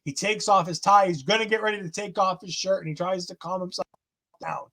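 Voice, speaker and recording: A man's voice: high-pitched, a little fast, a bit bright. A man hosting a podcast, recapping wrestling in an enthusiastic, chatty way. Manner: enthusiastic, acts out quotes in voices. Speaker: podcast host. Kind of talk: casual wrestling recap chat.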